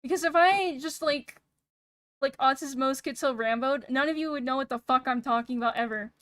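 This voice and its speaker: A young woman streaming casual chat, soft-spoken and a bit monotone, rambling and pausing every few words while she thinks. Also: high voice, no echo. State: sick. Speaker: VTuber streamer. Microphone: streaming mic with noise gate.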